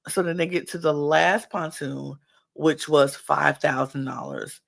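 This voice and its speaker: A woman hosts a podcast and talks through a reality-show episode in a relaxed, chatty way. Her voice has a gravelly, creaky texture, and she acts out what each person said as she goes. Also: low-pitched, unhurried. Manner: chatty, acts out people's quotes. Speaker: podcast host. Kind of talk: casual reality-show recap.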